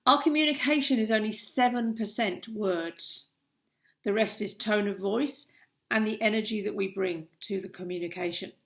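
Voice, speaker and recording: A middle-aged woman talks straight to camera as a coach, earnest and emphatic as she presses each point home. Her voice carries a gravelly, fry-touched texture. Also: medium pitch, normal speed, a bit bright. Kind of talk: direct-to-camera advice vlog.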